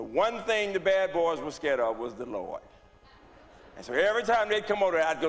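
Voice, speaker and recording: A man, giving a personal testimony as a guest speaker, moving from hushed tones to rising, forceful delivery. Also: on the high side, expressive, brisk. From Birmingham, Alabama. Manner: dramatic storyteller, swings from hushed to rising loud. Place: church. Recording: long reverb of a church hall.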